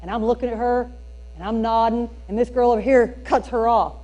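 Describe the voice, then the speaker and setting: At a school district training held in a church hall, a high-voiced Southern woman gives a storytelling keynote to teachers. She talks fairly quickly in an animated, folksy way, landing emphatic punchlines, though the recording sounds muffled.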